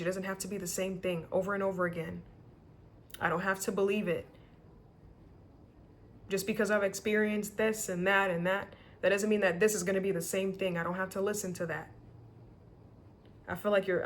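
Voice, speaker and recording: A woman's voice: mid-range voice, a little hiss or hum. A woman giving a casual tarot reading to camera, emotional and rambling, swearing freely and often near tears. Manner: rambling with many restarts. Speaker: tarot reader.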